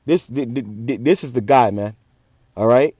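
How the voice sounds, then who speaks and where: A man's voice: medium pitch, moderate pace, dark tone, breathy edge, no echo, muffled recording. A man hosting a religious channel, giving a heated, profane, repetitive rant-style sermon. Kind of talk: ranting street sermon.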